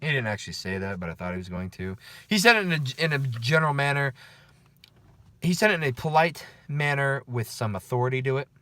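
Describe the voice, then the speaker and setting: A man's voice: mid-range voice, animated, a little fast, a bit bright, no room sound. Chatty, profane man with a dry voice. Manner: chatty, profane, keeps checking in with "okay?" and "right?". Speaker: night-shift security guard. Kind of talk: casual after-work storytelling vlog.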